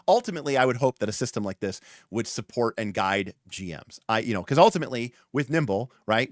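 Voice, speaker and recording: A man hosting a livestream in casual chat. He talks in an animated, rambling way full of restarts and fillers. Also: mid-range voice, no echo, clean studio sound. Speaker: livestream host.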